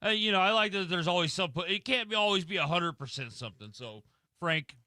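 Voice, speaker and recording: A man's voice: sits high, expressive, fairly quick, pushed and bright, no room sound, clean studio sound. A man co-hosting a radio show, teasing and needling a coworker in casual banter. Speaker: radio co-host.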